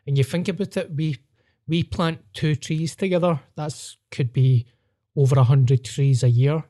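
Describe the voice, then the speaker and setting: A man's voice: a little high, fairly even intonation, a little slow, mellow. A man with a Scottish accent, co-hosting a podcast in easygoing casual chat.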